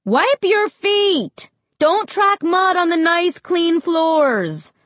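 A woman's voice: fairly high pitch, very animated, a little slow, no room sound. A woman voicing an exasperated mother of two who scolds sharply.

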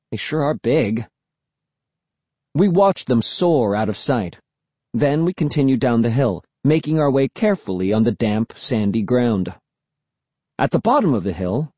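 A man reads a first-person children's story with an animated, rising and falling delivery. His tone is mellow and a bit husky. The recording is dry and close, with no room sound. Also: mid-range voice, no room sound. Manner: expressive, animated. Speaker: audiobook narrator. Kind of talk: scripted first-person narration.

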